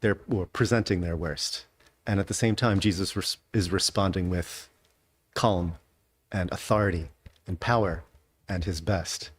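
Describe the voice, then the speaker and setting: A man with a low, steady, unhurried voice teaches an adult Sunday school class in a church classroom. His style is conversational, and he frequently poses rhetorical questions to check in with the group.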